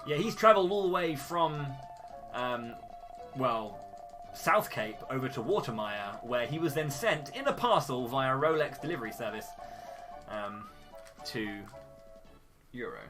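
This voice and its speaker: Guy commentating his speedrun, bouncy animated voice, lots of goofy bits. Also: mid-range voice, unhurried, pauses often, over music. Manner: jokey, playful, theatrical.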